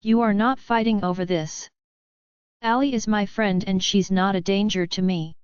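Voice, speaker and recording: A woman voicing a gentle, soft-spoken young werewolf princess, in an audiobook. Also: medium pitch, fairly even intonation, normal speed, smooth, no room sound, highs cut off, lightly acted.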